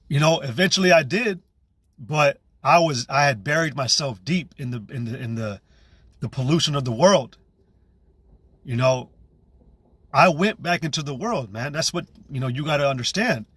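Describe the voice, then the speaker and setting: A man giving a personal religious testimony in a casual, earnest way, halting often and restarting sentences, with plenty of slang. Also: medium pitch, expressive, fairly bright tone, husky, no room sound.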